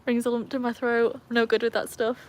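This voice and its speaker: A woman's voice: on the high side, level tone, a little fast, darkish tone, slight background noise. English woman, live host, poolside on a phone; chatty, teasing her dogs, faint rain behind. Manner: chatty, greets viewers and scolds her dogs playfully. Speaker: livestream host. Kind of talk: casual live chat. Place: outdoors beside a backyard pool in the rain. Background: faint rain and outdoor ambience.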